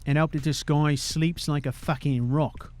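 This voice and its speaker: A man's voice: on the high side, steady tone, a little slow, a little mellow, faint music behind. Profane young man commenting on gameplay. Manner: profane, ends sentences with "eh?". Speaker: gamer.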